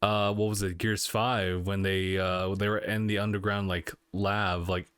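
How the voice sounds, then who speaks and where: A man's voice: sits low, little pitch movement, measured pace, fairly bright tone, smooth, dry recording, clean studio sound. A man co-hosting a podcast, chatting casually about video games, laid-back and laughing often, trailing off mid-sentence. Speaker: podcast co-host.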